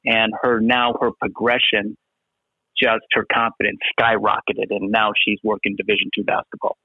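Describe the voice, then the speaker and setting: A middle-aged man, a basketball referee, speaks earnestly in a casual podcast interview and keeps asking "right?". His voice is lowish, level and slightly rough, at a normal speed with no echo. The audio has a tinny, phone-line quality.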